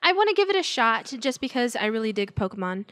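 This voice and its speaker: A woman's voice: fairly high pitch, sing-song, quick pace, crowd noise. Upbeat woman co-hosting a podcast. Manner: upbeat, easygoing, agreeable. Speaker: podcast co-host. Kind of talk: casual chat.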